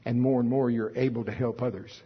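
Man, pastor, sermon, emphatic preaching, husky, dull lo-fi recording. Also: mid-range voice, fairly even intonation, a little fast. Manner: preachy, emphatic, quotes scripture in old wording.

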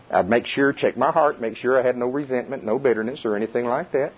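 A man's voice: mid-range voice, brisk, hardly any pauses, slightly rough. A man leading an informal Bible study for a small group indoors, talking in a folksy way with lots of repetition and restarts, and often checking with his listeners. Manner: folksy, repeats himself, restarts, questions the group. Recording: dull, lo-fi recording.

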